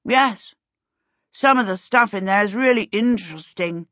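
A woman's voice: mid-range voice, measured pace, a bit bright, no room sound, lo-fi sound, lightly acted. A woman voicing a harassed young boy who chatters eagerly.

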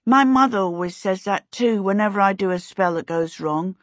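A woman's voice: medium pitch, normal speed, no room sound, highs cut off, close to an everyday voice. A woman voicing a flustered, clumsy young boy wizard who wails when things go wrong, in a storybook reading. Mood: defensive. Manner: wailing, flustered.

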